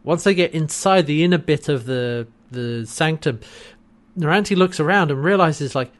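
A man co-hosting a podcast in casual chat, retelling a TV episode with lots of laughter and quick character impressions. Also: a little high. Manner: animated retelling, acts out character lines, laughs often. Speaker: podcast co-host recapping a TV episode.

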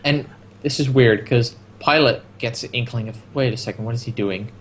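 A man's voice: mid-range voice, normal speed, slight background noise. A man co-hosting a casual podcast, chiming in with dry remarks and jokey asides about a TV episode. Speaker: podcast co-host. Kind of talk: casual chat.

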